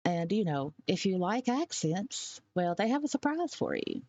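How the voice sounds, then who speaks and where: A woman giving blunt, opinionated commentary and stressing her points hard, with sharp rises on key words. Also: lowish voice, very animated, moderate pace, dry recording, muffled recording. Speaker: commentary vlogger.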